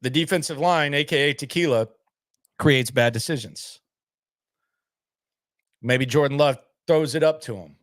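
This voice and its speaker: A man's voice: medium pitch, a little slow, long pauses, no echo, studio quality. A man hosting a sports channel, chatting casually and bluntly, skeptical, often repeating himself as he answers viewer comments.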